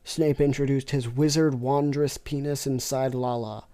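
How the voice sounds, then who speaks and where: A woman reading weird fanfiction aloud with deadpan, sarcastic asides. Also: very deep voice, moderate pace. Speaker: fanfiction reader. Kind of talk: comic reading with reactions.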